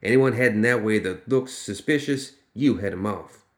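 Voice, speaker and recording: A man voicing a scheming little sharp-toothed male gambler boss who snaps orders in folksy backwoods slang. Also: lowish voice, normal speed, lightly acted.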